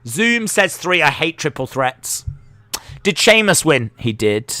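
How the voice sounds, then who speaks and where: Slow-talking man, bright voice. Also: on the high side, sing-song, no echo. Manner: chatty, jokey, reacts aloud. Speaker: live stream host. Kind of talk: wrestling watch-along commentary.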